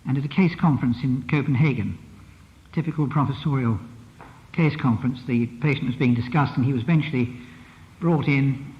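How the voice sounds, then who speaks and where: A man's voice: medium pitch, fairly quick. A man giving a lecture as a psychotherapist, reflective and emphatic, often repeating a phrase with the stress shifted. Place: lecture hall. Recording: dull lo-fi archive recording in a reverberant hall.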